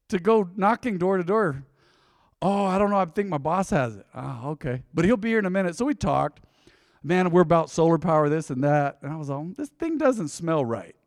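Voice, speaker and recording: Pastor telling a sermon story. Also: male voice, sits high, no room sound, clean studio sound, in a large hall. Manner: storytelling preacher, swings from loud exhortation to hushed asides.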